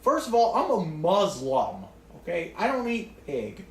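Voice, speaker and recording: Man, slightly high voice, slow halting rant, lots of swearing and restarts. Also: wildly swooping pitch, reverberant. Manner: rambling, profane, many restarts and fillers. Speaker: vlogger. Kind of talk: casual ranting monologue.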